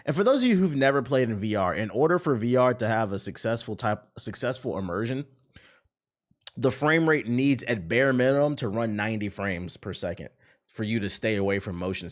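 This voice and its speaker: A man's voice: medium pitch, brisk. A man reacting to a game trailer as a streamer, talking bluntly, with plenty of swearing. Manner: blunt, profane, excitable. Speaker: streamer and host. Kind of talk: casual reaction commentary.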